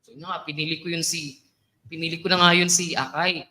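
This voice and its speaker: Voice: mid-range voice, steady tone, fast, bright, forceful tone, poor audio. A young adult Filipino speaker giving a chatty, playful talk at a student orientation, laughing often. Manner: chatty, playful, mixes English and local phrases, laughs often.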